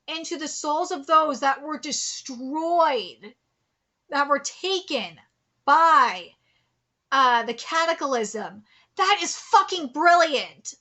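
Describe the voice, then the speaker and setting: A woman's voice: high-pitched, pushed and bright. A woman in her thirties from California, giving live reaction commentary in a blunt, profane, impassioned way. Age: 30s. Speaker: manga reaction streamer.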